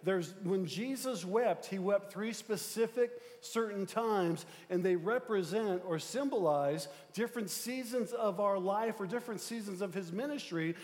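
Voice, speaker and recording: A male pastor preaches a conversational sermon, full of fillers and check-ins with the congregation. His darkish voice sits high, his pace is measured with hardly any pauses, and long hall reverb surrounds it.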